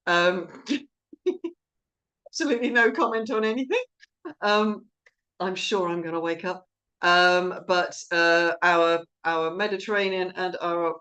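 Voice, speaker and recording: A woman directing and hosting an online play reading, chatting casually and rambling a little, with quick laughs between thoughts. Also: on the low side, fairly bright tone. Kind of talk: casual live-stream chat.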